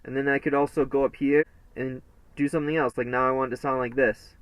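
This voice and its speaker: A man's voice: medium pitch, level tone, fast, recorded from a distance, slight background noise, rough recording. A man vlogging about his music in a loose, offhand, joking way, with many fillers. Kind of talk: casual rambling vlog chat.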